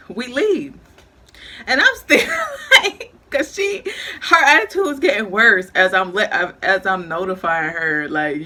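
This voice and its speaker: Animated young woman telling a story. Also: on the high side, measured pace. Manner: animated, laughing through the telling, dialect-heavy. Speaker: vlogger. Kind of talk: casual storytime.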